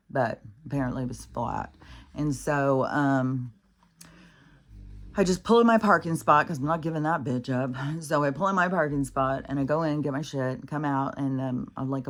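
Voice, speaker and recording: A woman telling a rambling, exasperated story in a casual vlog, swearing freely and using many fillers. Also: very deep voice. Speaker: vlogger.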